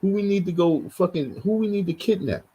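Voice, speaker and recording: A man's voice: high-pitched, animated, fairly quick, mellow, slightly rough, poor audio. A man giving heated, blunt live commentary, repeating himself as he reacts. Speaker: livestream commentator.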